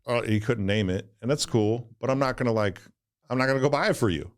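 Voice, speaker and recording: A man's voice: mid-range voice, fast talker. A man from the St. Louis area, a guest on a casual interview podcast, telling personal stories in an earnest, rambling way full of "like" and "right?". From St. Louis area, USA. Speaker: podcast guest, donut shop owner.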